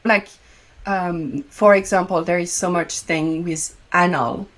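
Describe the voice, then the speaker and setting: A woman with a French accent, speaking as an intimacy coach guest in a relaxed interview with lots of fillers. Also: fairly low pitch, slow pace. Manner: frequent fillers, loose phrasing. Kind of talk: casual conversational interview.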